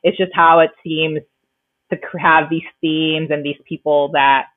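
A woman co-hosts a casual podcast chat, rambling warmly through her points with plenty of "like" and quick laughs. Her voice comes through thin and narrow, as if over a phone line. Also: sits low, level tone, dry recording. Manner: chatty, lots of "like", laughs often. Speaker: podcast co-host.

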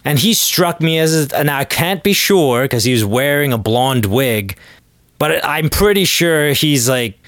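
A man's voice: a little high, expressive, unhurried, fairly bright tone, no echo, studio quality. A man hosting a podcast, telling a rambling, sardonic comedic story. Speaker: podcast host. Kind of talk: comedic monologue.

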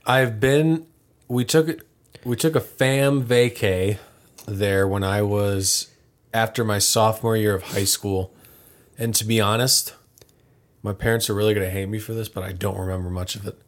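A man's voice: lowish voice, fairly even intonation, moderate pace. A young man co-hosting a podcast, tossing in dry, teasing quips during a casual chat. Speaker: podcast co-host.

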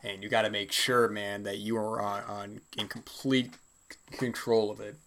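A man's voice: fairly low pitch, little pitch movement, normal speed, a bit bright. A man hosting a solo podcast, talking casually and rambling with many fillers, his throat a little dry. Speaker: podcast host.

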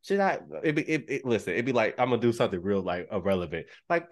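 Animated man in casual podcast chat. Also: very fast, few pauses. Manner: animated, acts out quotes in a high voice.

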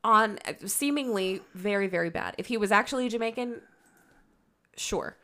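A young woman co-hosting a podcast in casual, animated chat, with lots of "like". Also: medium pitch, normal speed. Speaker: podcast co-host.

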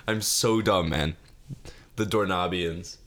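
A man's voice: deep voice, takes it slowly, a bit bright. Goofy young man rambling alone. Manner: goofy, self-mocking, laughs at own jokes; mock-sobbing bit, put-on crying. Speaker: solo podcast host. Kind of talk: rambling solo comedy chat. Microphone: desk mic.

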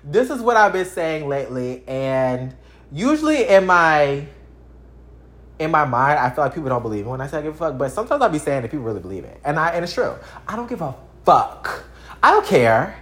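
A vlogger around thirty, from Texas, chatting casually to camera in an animated, profane way with big swings in pitch and loudness.

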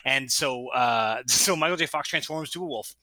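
A man co-hosting a casual movie podcast, retelling a scene in an animated, rambling way and laughing as he goes. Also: mid-range voice, normal speed, dry recording. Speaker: podcast co-host. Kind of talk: casual chat.

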